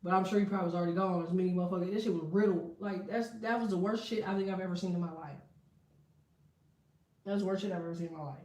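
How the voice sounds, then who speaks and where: A woman's voice: lowish voice, fairly even intonation, rapid-fire, a little mellow, recorded from a distance. A woman chatting casually on a livestream, telling stories with lots of swearing and laughter. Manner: profane, candid storytelling with laughter. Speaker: tarot and astrology reader. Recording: echoey room, voice set back from the mic.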